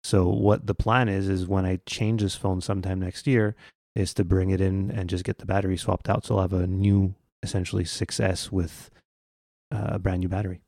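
A man's voice: deep voice, little pitch movement, moderate pace, creaky, darkish tone, no room sound, studio quality. A man co-hosting a podcast, chatting casually about gadgets with frequent ums and restarts. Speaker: podcast co-host. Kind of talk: casual tech chat.

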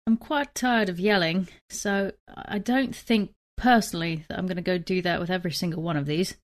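A young woman with a fairly low voice talks at a moderate pace while playing a tabletop game. She narrates her moves in a rambling, self-deprecating way, tossing in apologetic asides, in casual tabletop role-play chat.

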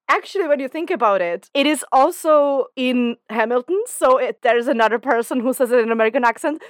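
Giggly, higher-voiced podcast woman. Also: animated, no echo, clean studio sound. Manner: giggly, quick, enthusiastic about words. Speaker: podcast co-host. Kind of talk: casual chat.

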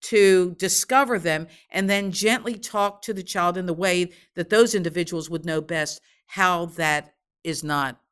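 A middle-aged woman answering interview questions in a gentle, measured, explanatory way, as a guest expert on children and grief. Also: lowish voice, clean tone.

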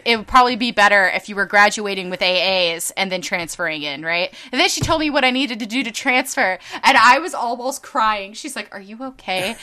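A young woman casually telling a story on a podcast, animated and quick to act out other people's voices. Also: on the high side. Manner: animated, acts out quoted people, laughs often, swears casually. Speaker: podcast co-host.

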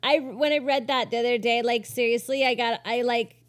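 A woman's voice: on the high side, fairly even intonation, brisk. A woman co-hosting a podcast, chatting casually and reading listener reviews aloud in a bubbly, giggly way with many fillers. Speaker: podcast co-host.

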